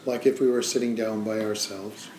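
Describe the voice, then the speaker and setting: A man leading an informal meditation talk, speaking in a relaxed, hesitant way with frequent pauses. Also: fairly low pitch. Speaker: meditation teacher. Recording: echoey room with faint noise.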